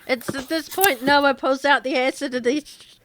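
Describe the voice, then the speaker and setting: A woman narrating as game master of an online tabletop game, laughing often between quick rulings. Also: sits high, fairly even intonation, a bit bright, a little hiss or hum.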